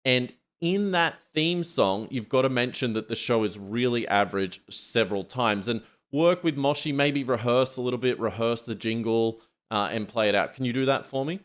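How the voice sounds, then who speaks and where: A male podcast host at an everyday pitch who talks casually. He is playful and directs the demo, giving quick instructions.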